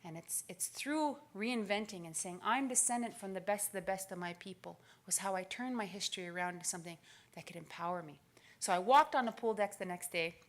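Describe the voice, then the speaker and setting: A woman in her forties giving a motivational keynote speech, telling stories with lively acted-out quotes. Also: lowish voice. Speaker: keynote speaker. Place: conference stage.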